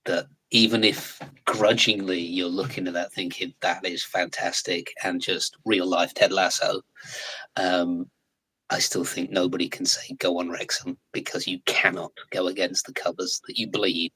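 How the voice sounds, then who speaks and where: An English man in his forties, a guest in a casual live chat, talking in a chatty, animated way and laughing often. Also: deep voice, moderate pace, husky, low-quality recording. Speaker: guest actor.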